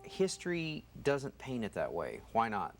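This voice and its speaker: A man hosting an interview, putting his questions in a deliberate way. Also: mid-range voice, huge pitch swings, slight background noise. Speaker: host.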